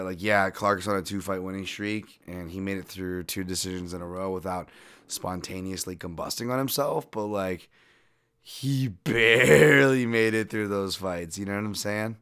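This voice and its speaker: A man hosting a fight podcast, breaking down bets in a profane, animated and self-deprecating way. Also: lowish voice, clean tone. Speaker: podcast host and fight analyst. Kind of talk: casual betting-podcast breakdown.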